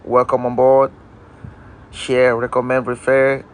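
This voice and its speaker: A man's voice: medium pitch, monotone, takes it slowly, smooth. Man giving an outdoor inspirational livestream. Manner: repetitive, emphatic, inspirational. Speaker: motivational livestream host. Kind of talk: casual live-stream monologue.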